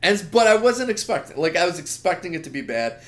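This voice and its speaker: A man co-hosting a podcast, ranting in an animated, opinionated way with lots of asides. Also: sits high, a little fast. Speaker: podcast co-host. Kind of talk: casual chat.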